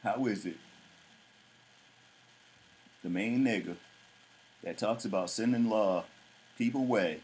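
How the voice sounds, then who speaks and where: A man's voice: on the low side, takes it slowly, long pauses, darkish tone, husky, poor audio. A man hosting his own show, ranting in a blunt, mocking, profane way. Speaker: vlog host. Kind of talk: casual ranting commentary.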